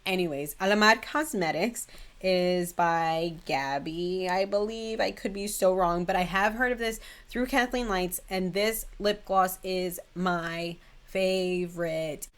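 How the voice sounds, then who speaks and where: A woman's voice: lowish voice, takes it slowly. A young woman chatting in a gushing, casual way about her beauty favorites at home, with lots of "like". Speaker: beauty vlogger. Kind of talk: casual chat.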